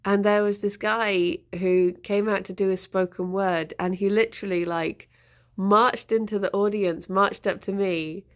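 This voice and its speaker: A woman's voice: mid-range voice, fairly even intonation, unhurried. A woman hosting a casual livestream, chatting to viewers and cooing to her pets with frequent giggles. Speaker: livestream host.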